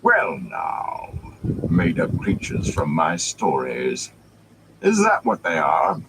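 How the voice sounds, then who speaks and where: A man voicing a grand, scornful old traveling bard with a theatrical, dry and mocking manner, over steady background noise. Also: rumbling low, slow, creaky, heavily acted. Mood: gruff.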